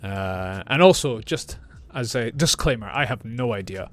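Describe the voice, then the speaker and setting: A man with a northeast Scottish accent, an English teacher reacting to accent clips, speaking clearly and patiently. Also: fairly low pitch, animated, a little slow, a bit bright, soft background music. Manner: clear, patient, repeats phrases. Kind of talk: reaction video, explaining accents.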